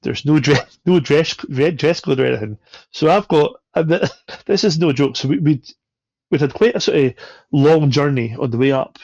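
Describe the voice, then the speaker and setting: A man with a fairly high, slightly mellow voice tells a travel anecdote at normal speed as a guest on a podcast, swearing and laughing as he goes. The casual story is recorded with dull, lo-fi sound and no echo.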